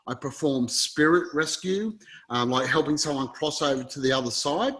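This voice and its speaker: A man's voice: on the high side, moderate pace, a bit bright, low-quality recording. A man telling a story as an interview guest, in an earnest, rambling way and acting out quoted dialogue.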